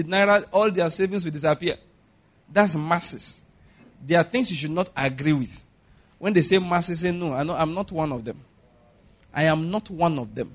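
A Nigerian pastor delivers a sermon in a high, ringing voice. He preaches emphatically, quizzing his listeners and breaking into chuckles as he goes. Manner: emphatic preaching with call-and-response questions and frequent chuckles.

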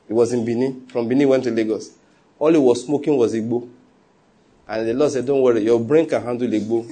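A middle-aged man preaching a sermon, telling stories with animated quoted voices and frequent laughs. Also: medium pitch, breathy edge. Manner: animated storytelling, laughs often, acts out quotes. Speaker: pastor.

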